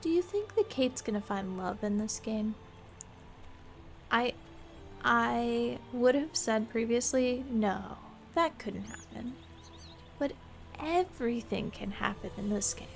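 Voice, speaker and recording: Young woman game streamer, playful running chatter, gravelly edge to her voice. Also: a little high, animated, slow, slight background noise. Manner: chatty, playful, musing aloud. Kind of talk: live game stream chat.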